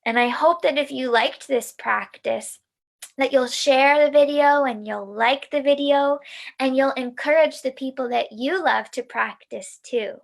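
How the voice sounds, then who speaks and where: A woman guides children through a mindfulness practice in a calm, soothing tone. She speaks very slowly with a fairly high voice. A gravelly fry runs under her words. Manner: slow, gentle, soothing instruction. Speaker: mindfulness teacher.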